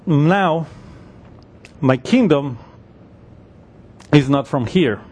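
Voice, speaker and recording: A man's voice: fairly high pitch, animated, drawn-out words, darkish tone, slightly rough. A man preaching a sermon in an explanatory way, thinking aloud as he walks through a passage.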